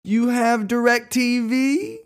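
A man voicing a chipper, pushy female phone saleswoman with a perky, rapid sales pitch. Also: expressive, full character voice.

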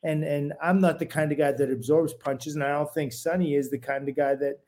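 A man's voice: fairly high pitch, steady tone, a little fast, darkish tone. A man, a former fighter co-hosting a boxing podcast, explaining things at length in loose, restarting sentences. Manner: rambling explanations with many fillers and restarts. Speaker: podcast co-host, former boxer. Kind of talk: casual boxing chat.

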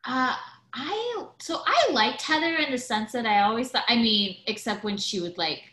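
A woman's voice: on the high side, lively intonation, moderate pace, pushed and bright, roomy sound. A woman in casual podcast chat, talking in a gossipy way with many fillers. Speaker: podcast guest.

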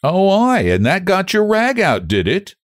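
A man's voice: sits high, huge pitch swings, measured pace, dry recording, clean studio sound, voice pushed up, full character voice. Guy reading as a blunt young farm lad, broad talk, swoops up and down. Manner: broad dialect, blunt teasing. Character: young English farm man, slow, stubborn.

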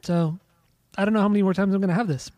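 A man's voice: high-pitched, fairly even intonation, very fast, darkish tone, dry recording. A young man co-hosting a casual podcast chat, dry and teasing, moving the show along. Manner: dry teasing, runs the segments. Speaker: podcast co-host.

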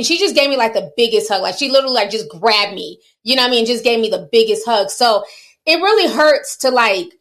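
A woman's voice: a little high, lively intonation, a little fast, a bit bright. A woman giving chatty, opinionated commentary on celebrity news, speaking straight to her viewers. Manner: chatty, opinionated, laughs and teases. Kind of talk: casual commentary.

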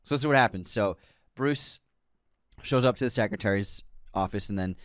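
A man retells a film to his co-host in a loose, rambling way, quick to laugh and tease. The recording is dry and close, with no room around him. He sounds casual and playful. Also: fairly low pitch, no echo. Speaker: podcast co-host. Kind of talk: casual movie recap chat.

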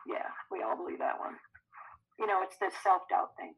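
A woman who works as an energy healer, answering podcast interview questions in a chatty, animated way. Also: high voice, unhurried, vocal fry, long pauses, muffled recording. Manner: animated, conversational, laughs often.

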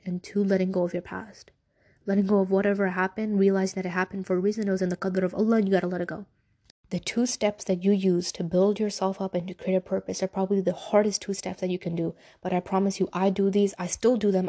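Earnest young woman, mellow voice. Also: medium pitch. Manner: earnest, casual slang, heartfelt. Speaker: podcast host. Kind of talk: personal faith podcast talk.

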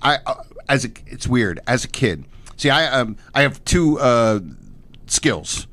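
A man's voice: mid-range voice, measured pace, no echo. Rambling middle-aged man telling stories. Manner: rambling, animated storyteller with frequent restarts. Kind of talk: casual chat.

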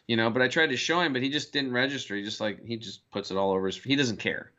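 A man's voice: mid-range voice, racing, few pauses, bright, forceful tone. A man, a health guest in a casual interview, telling stories and acting out the voices of people he quotes. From United States. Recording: dull lo-fi sound.

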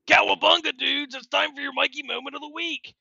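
A man voicing an upbeat surfer-dude teenage ninja turtle, shouting in hyped slang. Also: very high-pitched, fairly even intonation, brisk, vocal fry, dry recording, voice pushed up, full character voice. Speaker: podcast co-host. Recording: dull lo-fi podcast mic.

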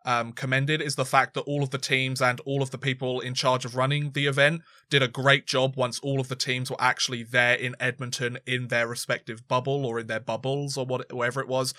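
A man's voice: mid-range voice, level tone, a little fast, hardly any pauses, sharp tone, no echo, studio quality. A man co-hosting a sports podcast, chatting casually and rambling, with frequent restarts and fillers. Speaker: podcast co-host.

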